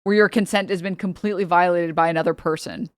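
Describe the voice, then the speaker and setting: A woman's voice: fairly low pitch, fairly even intonation, fast, no room sound, studio quality. A woman streamer in a casual reaction stream, ranting heatedly with a lot of swearing and talking straight to her chat. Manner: heated, profane, exasperated ranting.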